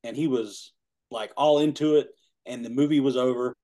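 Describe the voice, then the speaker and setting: A man's voice: mid-range voice, moderate pace, mellow. A man in his forties telling a rambling personal story in casual chat, laughing often and saying "man" and "you know". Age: 40s. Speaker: guest.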